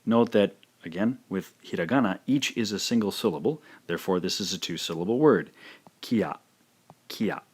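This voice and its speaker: A man giving a scripted language lesson, speaking slowly and carefully and repeating each sound. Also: deep voice, lively intonation, darkish tone, slightly rough. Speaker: language teacher.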